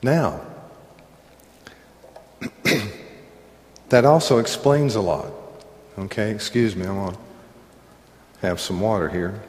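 Slow-preaching man in a reverberant hall. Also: fairly low pitch, a little mellow. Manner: conversational preaching with asides and throat clearing. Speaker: pastor. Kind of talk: sermon.

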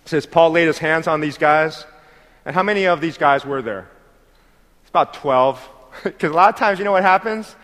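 A man preaching a lively sermon, acting out voices and building to shouted praise. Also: on the high side, normal speed. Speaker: pastor. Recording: hall reverb.

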